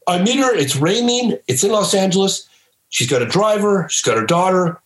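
A man's voice: high voice, moderate pace. Emphatic storytelling man in a roomy space. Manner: emphatic, breaks into excited shouts when telling stories. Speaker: documentary filmmaker guest. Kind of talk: animated storytelling in a podcast interview.

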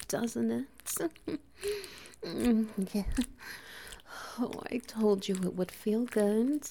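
A woman in a whispered role-play, dominant and teasing, speaking breathily with soft laughs. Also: medium pitch, fairly even intonation, slow pace, vocal fry, long pauses, a little hiss or hum. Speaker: audio role-play performer.

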